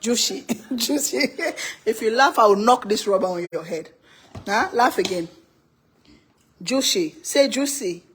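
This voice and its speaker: Middle-aged woman host, cooking stream from the home kitchen, chatty and teasing, quick laughs. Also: mid-range voice, lively intonation, a little hiss or hum. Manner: chatty, playful, laughs often. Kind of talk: casual livestream cooking chat.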